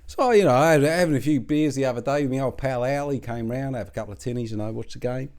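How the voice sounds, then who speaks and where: A man's voice: mid-range voice, quick pace, darkish tone, natural voice. A man playing a crude, gossipy middle-aged Australian bloke who rambles and swears in a comic monologue. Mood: rambling. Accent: Australian (put on). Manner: rambling, swearing, colloquial banter, mocking impressions. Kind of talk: comedic character monologue.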